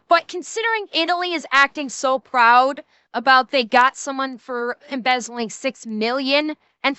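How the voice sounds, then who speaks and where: A woman streamer reacts live, talking in long, rambling runs full of swearing and blunt opinions. Her voice sits high and sounds bright and crisp, and the dry mic keeps her right up close. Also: no room sound. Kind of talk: casual live-stream commentary.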